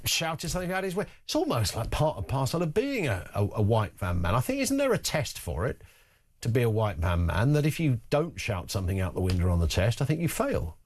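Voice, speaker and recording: Male phone-in host, animated and wry, lots of pitch movement. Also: brisk. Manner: animated, wry, chatty asides. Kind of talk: talk radio phone-in.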